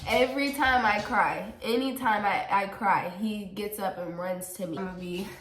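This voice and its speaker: A young woman talks through viewer questions in a relaxed, chatty way. She laughs often and wears her feelings openly. The room around her is echoey. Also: mid-range voice, normal speed, faint music behind. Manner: giggly and emotional, laughs often. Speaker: vlogger answering viewer questions. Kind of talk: casual Q&A chat. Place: home.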